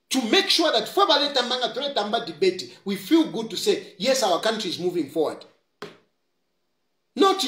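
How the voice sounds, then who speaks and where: Zambian man, heated commentary, scolds and hammers points home, sweeping pitch, roomy echo. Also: a bit bright. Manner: scolding, mixes English with Bemba, repeats points for emphasis. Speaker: political commentator. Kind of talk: impassioned political commentary.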